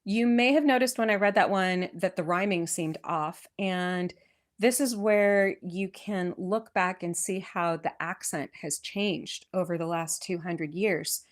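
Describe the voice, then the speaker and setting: A woman with a West Coast American accent hosting a podcast. She reads an old poem aloud, then chats about its history in a lively, enthusiastic way with frequent restarts. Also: on the low side, unhurried. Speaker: podcast host. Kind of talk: poetry reading and casual history chat. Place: lives in England.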